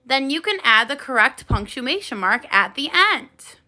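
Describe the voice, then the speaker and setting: A woman teaching a first grade phonics lesson on video, speaking slowly and clearly with plenty of encouragement for young children. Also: high-pitched, sing-song, bright, forceful tone. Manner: slow, clear, encouraging classroom delivery.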